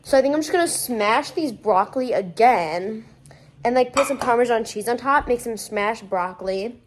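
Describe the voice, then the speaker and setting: A woman's voice: on the high side, expressive, moderate pace, a little hiss or hum. A young woman from Michigan with a Michigan accent, chatting in a rambling way full of "like" fillers as she cooks in her home kitchen, recorded on a phone propped on the counter. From Michigan, USA. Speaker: vlogger. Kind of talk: casual cooking vlog chat.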